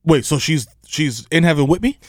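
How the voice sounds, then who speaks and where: A man's voice: a little high, expressive, normal speed, no echo, clean studio sound. A young man, co-hosting a podcast in slangy, laid-back banter. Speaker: podcast co-host. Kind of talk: casual comedic banter.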